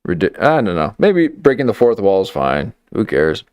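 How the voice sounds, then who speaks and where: A man's voice: fairly low pitch, big pitch swings, normal speed, a little mellow, smooth, no echo, lo-fi sound. A man hosting a livestream and commenting on clips, getting worked up and talking back at the screen.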